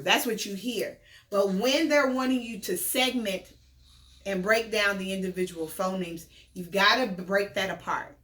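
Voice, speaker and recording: A woman's voice: medium pitch, expressive, bright, forceful tone, roomy sound. A woman teacher giving a remote phonics lesson to young children, patiently sounding out words and their individual sounds. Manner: patient, encouraging, sounds out phonemes slowly.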